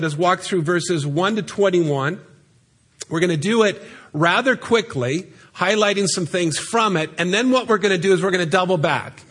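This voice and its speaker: A man's voice: high voice, fairly bright tone. A man preaching a sermon in a church, earnestly reading scripture aloud and explaining it. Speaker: pastor. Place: church sanctuary.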